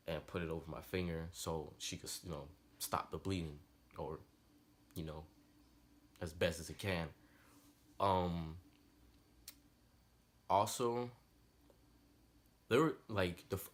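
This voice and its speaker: A young man telling a personal story in casual, slangy, rambling talk. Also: deep voice. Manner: slangy, rambling, animated retelling. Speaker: vlogger.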